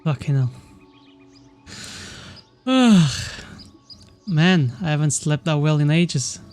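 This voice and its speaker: A man's voice: on the high side, expressive, slow pace, a little mellow, soft background music. A man giving emotional, swear-filled commentary while playing a game. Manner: swears a lot, emotional, reads game dialogue aloud. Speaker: let's play gamer. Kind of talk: gaming commentary.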